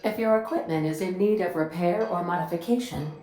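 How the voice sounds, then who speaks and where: A woman's voice: lowish voice, a little fast, dark tone, echoey room, close to an everyday voice, low-quality recording. A woman voicing a female ship's computer AI in a video game, making polite, matter-of-fact announcements. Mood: dry. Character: calm female ship computer AI.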